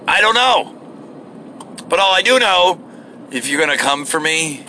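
Driving his car, a man hosts a solo podcast and delivers a profane, rambling, sarcastic rant. His voice is a little high, bright and forceful, with slight background noise.

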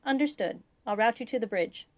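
A woman's voice: fairly high pitch, expressive, brisk, dry recording. A woman reading a businesslike male ship's doctor answering a call.

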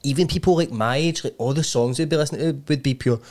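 A man's voice: mid-range voice, fast, a little mellow. A Glaswegian man hosting a podcast in casual chat, chipping in and agreeing often. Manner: chatty, agreeing with "aye". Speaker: podcast host.

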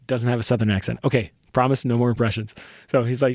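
A young man hosting a solo podcast, talking bluntly and profanely in a loose, animated rant. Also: medium pitch, quick pace, dry recording, clean studio sound. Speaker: podcast host. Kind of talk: casual solo podcast monologue.

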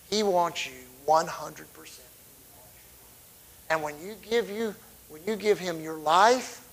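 A man's voice: sits high, poor audio. A middle-aged man from Texas, preaching a sermon as a fervent storyteller whose volume swells and drops suddenly.

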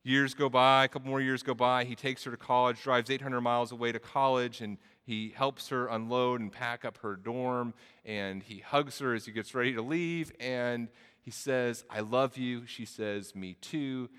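A man's voice: medium pitch, steady tone, normal speed, a bit bright, clear, resonant tone, long reverb tail. A man preaching a sermon, telling a story and then building to emphatic preaching. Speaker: pastor.

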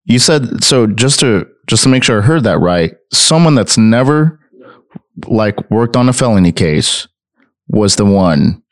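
A male interviewer with a fairly low voice, speaking casually. He listens closely and reacts with short affirmations and amazed comments. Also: lively intonation, measured pace. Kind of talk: casual chat.

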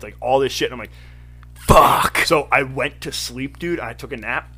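A man's voice: medium pitch, fairly even intonation, measured pace, sharp tone, slight background noise. A young man in casual chat, telling a long profane story with quoted asides.

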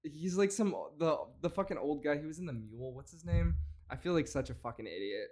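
A podcast host with a fairly high, slightly darkish voice talks a little fast on his comedy show. He rants and mocks with plenty of swearing, laughing a lot as he goes.

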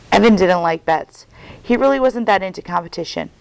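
Gravelly-voiced woman reading a children's story. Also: mid-range voice, brisk, dry recording, poor audio. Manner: expressive storytelling. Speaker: guest reader. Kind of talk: reading a children's novel aloud.

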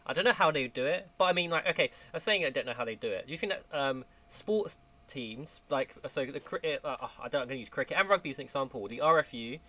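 A man's voice: medium pitch, fast talker, pushed and bright. A man co-hosting a casual podcast, chatty and joking. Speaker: podcast co-host. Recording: slightly distant mic with faint background noise.

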